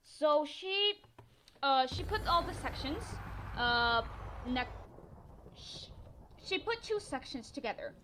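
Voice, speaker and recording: A teenage girl from northern Mexico, chatty and excitable, telling a story as a gaming voiceover, swearing freely and laughing often. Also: high-pitched, slow, pauses often, a little hiss or hum. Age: teens. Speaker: gaming vlogger.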